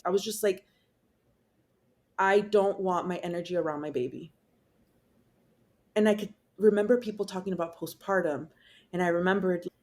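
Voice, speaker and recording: A young woman, a podcast guest, telling her personal story in a candid, casual way with swearing, fillers and restarts. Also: lowish voice.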